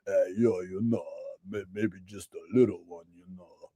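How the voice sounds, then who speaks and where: A man's voice: sits low, fairly even intonation, normal speed, mellow, no room sound, pitched below the performer's own voice. A man doing an impression of a laid-back middle-aged stoner who rambles hesitantly. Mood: mellow.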